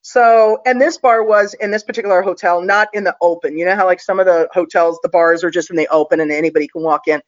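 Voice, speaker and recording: A woman's voice: fairly low pitch, steady tone, fast, few pauses, highs cut off. A woman guest telling a story in a casual, confident, chatty way, with plenty of fillers.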